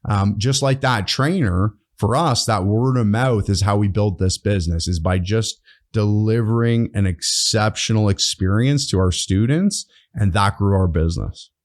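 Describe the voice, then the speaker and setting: A man's voice: fairly low pitch, normal speed. A man who founded a training course, talking earnestly as a podcast guest and often checking in with "right?". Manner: earnest, explains with frequent "right?" tags. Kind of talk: casual interview chat.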